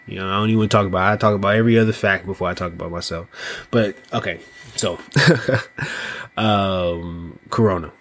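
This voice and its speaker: A man hosting a solo podcast, talking slowly and loosely, often asking "you know what I mean". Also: low voice, fairly even intonation, fairly bright tone, slight background noise. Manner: slow, thoughtful delivery with small laughs. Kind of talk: casual solo podcast monologue.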